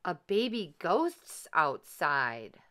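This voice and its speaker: A woman voicing a calm, bossy female cat who gives clipped one-word commands. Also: lowish voice, drawn-out words, exaggerated voice. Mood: curt.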